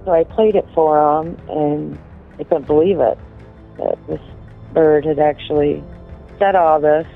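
A woman recounting events in an interview, speaking haltingly with frequent pauses. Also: sits low, steady tone, vocal fry, faint music behind. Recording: tinny phone-line audio.

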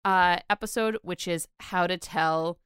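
A young woman hosts a casual podcast in a dry, close-miked space, her voice smooth and clear. She talks in a chatty, rambling way, full of fillers and little laughs. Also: fairly low pitch, a little slow, fairly bright tone, no echo. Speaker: podcast host.

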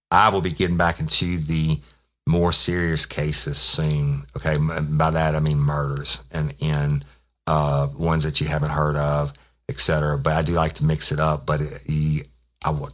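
A man's voice: very deep voice, a bit bright. A middle-aged man, a former police officer hosting a podcast and telling a story in a profane, rambling, laid-back way. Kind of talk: casual storytelling.

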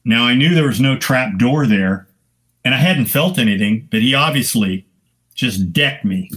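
An older man, a photographer on a podcast, telling sports stories casually with lively, profane energy, acting out the people he quotes. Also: medium pitch, moderate pace. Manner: animated anecdotes with profanity, acting out quoted voices. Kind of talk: casual storytelling.

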